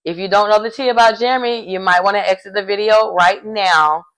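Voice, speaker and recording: A young adult woman giving a casual, animated recap of a reality show. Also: medium pitch, a little fast, low-quality recording. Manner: chatty and animated, acting out quoted lines.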